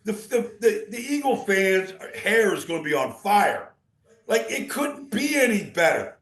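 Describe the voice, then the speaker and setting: A man's voice: sits high, unhurried. Rambling male football analyst, echoey room. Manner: rambling, animated, many restarts. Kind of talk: casual sports talk.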